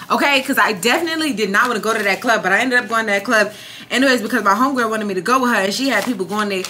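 A young woman talks straight into her phone camera in a casual vlog, chatty and animated, constantly addressing her viewers. Her voice sits fairly high and sounds bright. A faint air conditioner hum runs underneath. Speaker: vlogger. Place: indoors, room with loud air conditioner.

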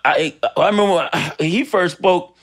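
A man's voice: high-pitched, moderate pace. A man from Los Angeles, an actor guest telling stories with many restarts in a casual interview. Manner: rambling storyteller with restarts.

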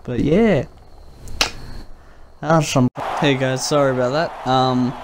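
A man's voice: mid-range voice, steady tone, takes it slowly, background noise. A young man, probably in his teens, telling a rambling, giggly personal story as a vlogger in casual speech. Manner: rambling, giggly, jumps into loud quoted voices.

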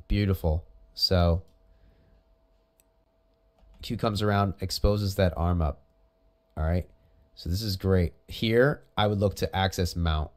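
Low-voiced man coaching jiu-jitsu footage. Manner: animated, coaching, chatty asides. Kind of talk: casual video commentary.

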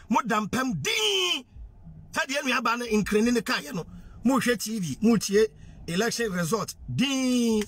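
A very high, sharp voice with a breathy edge belongs to this social media commentator, who has a Ghanaian accent. In a passionate monologue to camera he preaches, repeats lines and poses rhetorical questions, switching between Twi, English and pidgin.

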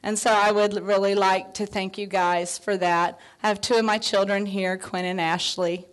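A woman in her fifties giving a heartfelt, near-tearful award acceptance speech, full of thanks, fillers and soft laughs. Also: medium pitch, little pitch movement, normal speed. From Texas. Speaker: award honoree.

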